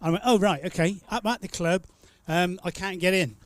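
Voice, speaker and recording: A man's voice: sits high, normal speed, dry recording. A man hosting a live stream, chatting casually and telling rambling, teasing stories. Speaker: stream host. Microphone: studio mic.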